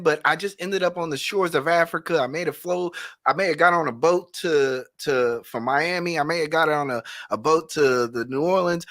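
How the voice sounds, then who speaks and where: A man's voice: on the high side, a bit bright. A man on a panel discussion who argues his point earnestly and in philosophical terms. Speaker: panel guest.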